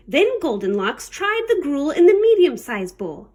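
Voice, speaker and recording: Librarian lady reading a kids book out loud, high voice, super animated, playful pirate lingo. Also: measured pace, hardly any pauses. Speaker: children's librarian. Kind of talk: storybook read-aloud.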